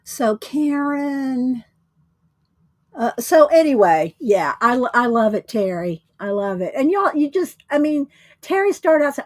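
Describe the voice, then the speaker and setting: A woman hosts a casual livestream, chatting with viewers and laughing often. Her voice sits a little high. The sound is close and dry, with no room echo. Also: big pitch swings, unhurried, a little mellow. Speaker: livestream host.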